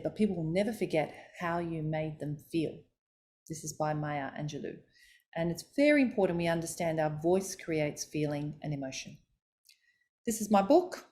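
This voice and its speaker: A woman giving a voice coaching talk, demonstrating pitch and stress exercises aloud as she explains them. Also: a little mellow, slight background noise.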